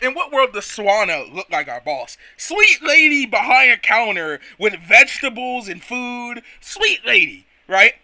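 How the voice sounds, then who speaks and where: Excitable man narrating his gameplay. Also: extremely high pitch, measured pace, few pauses, no echo. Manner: excitable, rambling, self-mocking. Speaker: gaming video host. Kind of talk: casual let's play commentary.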